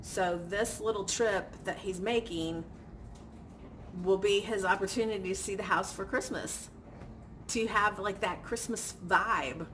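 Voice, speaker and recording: A woman's voice: medium pitch, unhurried, a bit bright, a little hiss or hum. A woman vlogger venting in casual chat, chatty and stressed, acting out quoted exchanges with little laughs. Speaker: vlogger and crafter.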